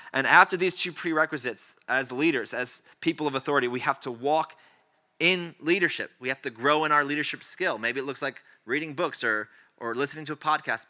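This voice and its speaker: A man preaching a sermon as pastor, exhorting the congregation with repeated phrases and rising emphatic passages. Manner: builds to loud, high-pitched emphatic preaching; repetitive, exhortative phrasing with restarts.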